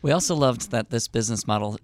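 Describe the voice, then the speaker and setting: A man's voice: mid-range voice, lively intonation, fast talker, dry recording, studio quality. A man speaking as a podcast guest in a wry, matter-of-fact way. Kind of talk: conversational interview.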